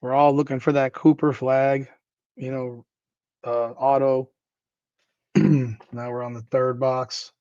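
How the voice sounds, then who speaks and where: A man hosting a casual card-opening video, rattling off names in quick offhand lists as he goes. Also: medium pitch, little pitch movement, a little mellow, clean tone, dry recording. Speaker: card-breaking host. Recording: dry, slightly dull recording.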